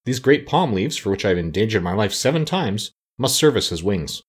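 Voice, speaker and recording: Practical, kindly tin man, played by a man, husky, measured, storybook. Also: lowish voice, very animated. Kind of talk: storybook reading.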